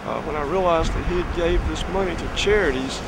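A man's voice: on the high side, brisk. A man being interviewed, who answers in a thoughtful and earnest way. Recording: heavy background noise.

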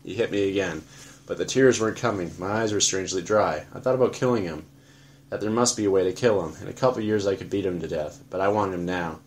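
A man narrating an audiobook in a flat, matter-of-fact first-person telling. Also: low voice, fast talker.

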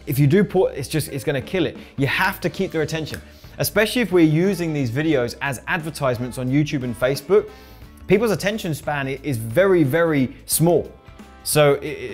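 A man teaching video marketing to camera, energetic and punchy, often checking in with "right?" and "all right?". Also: on the high side. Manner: energetic, drives points home with tag questions like "right?" and "all right?". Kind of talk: instructional talk to camera.

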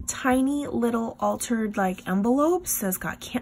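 A woman's voice: a little high, normal speed, hardly any pauses, a little hiss or hum. Gushing woman showing off craft supplies. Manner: gushing, excitable, lots of "like" and "you guys". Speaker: craft video host. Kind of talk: casual show-and-tell chat.

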